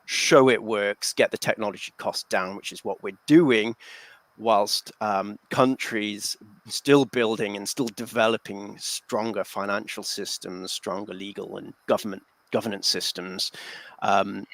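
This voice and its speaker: A man's voice: on the low side, steady tone, a little slow, fairly bright tone, no echo. A man speaking as a panel guest, making his points thoughtfully with many fillers and restarts. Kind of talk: discussion.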